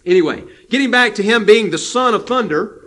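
A man's voice: high-pitched, lively intonation, fairly quick, a bit bright. A man preaching a sermon, emphatic and repetitive, with frequent restarts.

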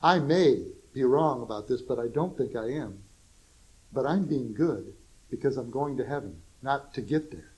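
A man preaching a sermon, swinging between soft low asides and loud emphatic exclamations, with folksy humor and chuckles at his own jokes. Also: animated, normal speed, low-quality recording.

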